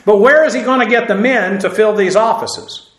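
Male Bible teacher, high, bright voice, echoey room, walks through Greek grammar, spells terms aloud, lots of "uh". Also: moderate pace, slight background noise. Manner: explains Greek grammar, spells words out letter by letter; frequent "uh" fillers, self-deprecating asides.

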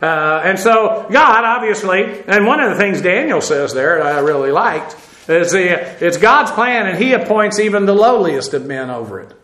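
Male Bible teacher, high, bright voice, echoey room, walks through Greek grammar, spells terms aloud, lots of "uh". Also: lively intonation, normal speed. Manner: explains Greek grammar, spells words out letter by letter; frequent "uh" fillers, self-deprecating asides.

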